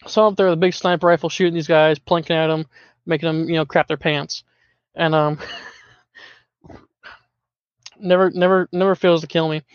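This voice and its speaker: Man, high voice, lively storyteller, dry and dull lo-fi voice chat, laughs easily. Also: normal speed, pauses often, dry recording. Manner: animated, laughs often, uses filler words. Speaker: podcast guest, longtime community member.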